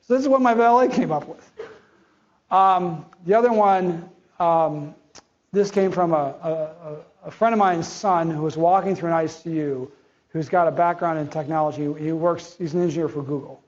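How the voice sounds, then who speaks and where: High-voiced man giving a conference talk. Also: steady tone, moderate pace. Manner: conversational, acts out quoted dialogue. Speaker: conference speaker. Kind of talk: conference presentation. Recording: dull lo-fi audio.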